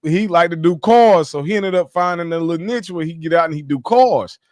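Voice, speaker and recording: Animated slangy man telling a story. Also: on the high side, brisk, no echo. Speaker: livestream trader telling his story. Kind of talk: casual livestream chat.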